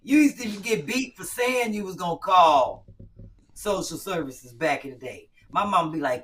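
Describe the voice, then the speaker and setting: A woman's voice: lowish voice, normal speed. A woman comedienne hosting a podcast, joking brashly and profanely and acting out scolding mothers. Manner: brash, profane, acts out scolding moms in lively voices. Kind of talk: casual comedic chat. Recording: distant mic with faint noise.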